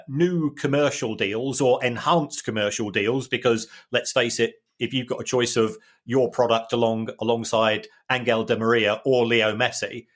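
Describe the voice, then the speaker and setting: A man co-hosting a podcast, explaining football finances in a measured way with frequent restarts. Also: mid-range voice, fairly bright tone. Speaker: football finance expert co-host. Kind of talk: casual podcast chat.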